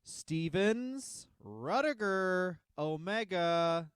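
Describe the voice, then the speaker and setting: Guy cohosting a comedy podcast, kinda high voice, swears a lot, jokes around. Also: lively intonation, extremely slow, a bit bright, clean tone, no room sound, studio quality. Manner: crude and playful, breaks into mocking impressions. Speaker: podcast co-host. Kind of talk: loud comedic banter.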